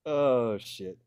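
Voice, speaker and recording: A man hosting a casual gaming podcast, talking in an animated, opinionated way and laughing often. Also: fairly high pitch, vocal fry, slightly rough, no echo, clean studio sound. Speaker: podcast host.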